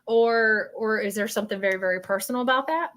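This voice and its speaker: A woman with a Southern American accent giving a live psychic reading, earnest and halting, often stopping to apologize. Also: fairly high pitch, fairly bright tone. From Southern United States. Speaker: psychic medium.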